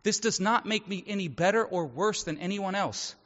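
High-voiced man preaching in a hall. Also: normal speed, fairly bright tone. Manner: conversational, acts out quoted voices. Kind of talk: sermon. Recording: echoey hall, dull audio.

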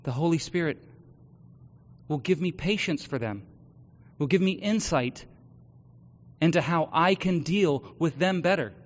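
A man with a high, bright-pitched voice preaches in an earnest, personal way, dropping to hushed confession before rising to loud exhortation. The sound is dull and lo-fi, carried by a long reverb off a large hall. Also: animated, unhurried. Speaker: pastor. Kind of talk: sermon.

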